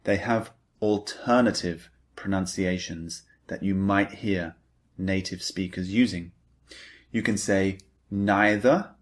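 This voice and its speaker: A man teaching an English grammar lesson, who repeats key points and stresses the target words. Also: low voice. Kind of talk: slow, deliberate grammar lecture.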